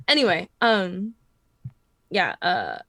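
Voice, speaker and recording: A woman's voice: on the low side, huge pitch swings, slow, sharp tone, no echo. A woman playing in a tabletop game, chatting casually with many fillers and frequent laughs. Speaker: player.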